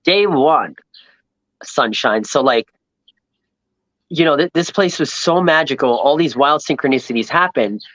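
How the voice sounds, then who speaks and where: A man from Long Island, telling a rambling, animated travel story as a podcast guest and acting out the people he met. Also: fairly high pitch, measured pace, pauses often, no room sound, muffled recording. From New York, Long Island. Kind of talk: casual storytelling chat.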